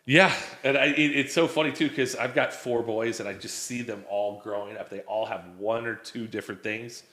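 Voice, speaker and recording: Bright-voiced man telling rambling stories. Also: fairly low pitch, fairly even intonation, moderate pace, roomy sound. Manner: rambling storyteller, acts out quotes. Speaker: guest. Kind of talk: casual chat.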